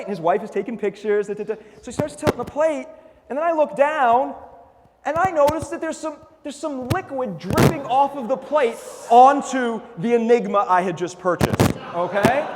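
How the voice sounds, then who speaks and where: A man giving a conference talk, telling a story in an animated way and acting out the voices of the people in it. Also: extremely high pitch, a little fast, in a large hall, slight background noise. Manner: animated, acts out quoted voices. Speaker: conference speaker.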